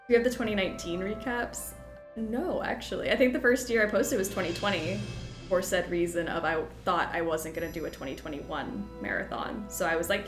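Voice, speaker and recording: A woman's voice: fairly low pitch, a little fast. A young adult woman chatting casually on a game stream, rambling, giggling and poking fun at herself. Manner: rambling, giggly, self-deprecating. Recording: roomy sound with game music. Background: game music.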